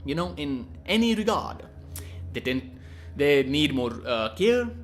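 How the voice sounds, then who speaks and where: Brief: young man from India, rambling cheeky vlog talk, slightly high voice, faint music under. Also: very animated, a little slow. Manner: rambling, profane, cheeky, restarts often. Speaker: vlogger. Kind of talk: casual rambling monologue.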